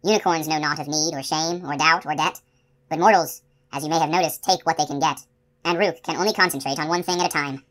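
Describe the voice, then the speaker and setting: A man's voice: a little high, fairly even intonation, fast talker, fairly bright tone, close to an everyday voice. A woman voicing Schmendrick, a weary self-doubting magician. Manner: bitter, pleading, flares into frantic curses. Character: shabby, self-doubting male magician, middle-aged.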